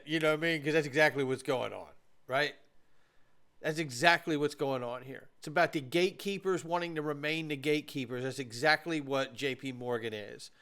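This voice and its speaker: A man hosts his own crypto commentary channel, speaking directly to viewers with emphatic opinions in a casual tone. His voice sits high and is a little bright.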